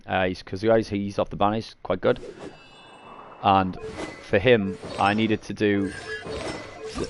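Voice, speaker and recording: Low-voiced man explaining a game. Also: little pitch movement, measured pace, soft background music. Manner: rambling, self-correcting, frequent coughs and throat clearing. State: coughing after eating garlic. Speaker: gaming streamer. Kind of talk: casual gameplay tutorial.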